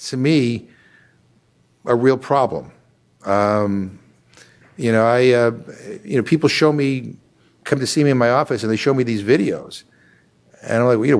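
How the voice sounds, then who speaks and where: An older man, a congressman, talking casually with frequent restarts and fillers, growing animated as he tells a story. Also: medium pitch. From Massachusetts. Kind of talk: casual conversational talk.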